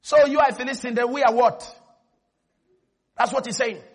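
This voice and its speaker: High, husky-voiced preacher. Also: male voice, normal speed. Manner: animated storytelling, bursts into shouts. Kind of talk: sermon.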